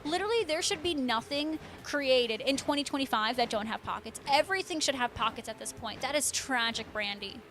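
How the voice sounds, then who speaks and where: A woman's voice: high voice, expressive, a little fast, few pauses, a bit bright, slight background noise. A young adult woman livestreaming, chatting casually with viewers and reading their messages in a bubbly, gushing way. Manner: bubbly, gushing, reads viewer names aloud. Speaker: streamer reading chat.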